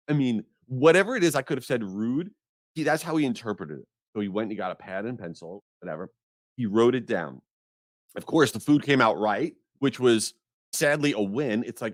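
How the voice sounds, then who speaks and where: A man hosts his podcast in a casual, animated rant, his exasperation spilling into comic outbursts. His voice sits at an ordinary middle pitch. The sound is dry and close, with no room around it. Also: normal speed, dry recording. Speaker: podcast host.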